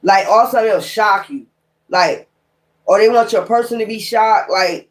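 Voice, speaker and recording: A woman reading tarot cards in loose, rambling street slang. She comes across blunt and exasperated, swearing freely as she talks through each card. Her voice sits at an ordinary middle pitch. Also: moderate pace. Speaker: tarot reader.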